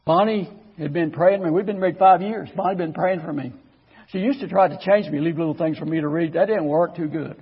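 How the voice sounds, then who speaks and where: High-voiced husky man preaching in folksy style. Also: fast talker, hardly any pauses, long reverb tail, muffled recording. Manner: folksy, conversational storytelling with stammered restarts. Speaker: guest preacher. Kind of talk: sermon with personal testimony. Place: church.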